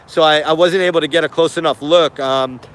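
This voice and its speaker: A man's voice: fairly high pitch, fairly even intonation, a little fast, fairly bright tone, slight background noise. A man giving casual spoken commentary on video footage, hesitant and puzzled, often repeating himself.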